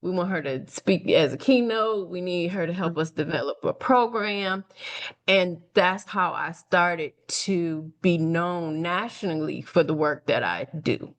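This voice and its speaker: A middle-aged woman from Detroit, a guest on an interview show, tells her life story in an animated way. Her voice sits a little low, and she jumps into the voices of the people she quotes. She laughs easily as she talks. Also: a little slow. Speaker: guest, nonprofit founder and speaker. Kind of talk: conversational storytelling.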